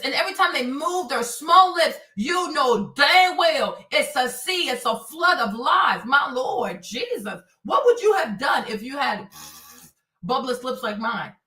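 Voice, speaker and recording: A woman's voice: high-pitched, bright, forceful tone, recorded from a distance. A woman hosting her own show, delivering an emphatic, sarcastic commentary rant that keeps repeating itself, recorded somewhat off-mic in an echoey room. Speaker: show host. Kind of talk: uncensored political commentary rant.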